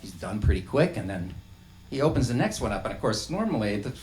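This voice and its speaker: A man's voice: on the low side, sing-song, fast, darkish tone, soft background music. A man, a musician, rambling and laughing as he tells a story between songs at a small intimate live show.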